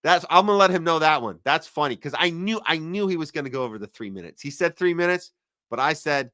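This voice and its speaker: A man's voice: on the high side, expressive, quick pace, sharp tone, no room sound, clean studio sound. A man hosting a podcast livestream, chatting casually and reading out viewer comments with plenty of ums and jokey asides. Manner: rambling, lots of fillers, jokey asides. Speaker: podcast host.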